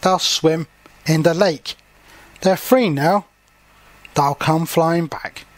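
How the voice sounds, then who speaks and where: A man's voice: fairly high pitch, slow pace, no echo. A man voicing a wise, helpful male owl in a storybook he is reading aloud. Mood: reassuring.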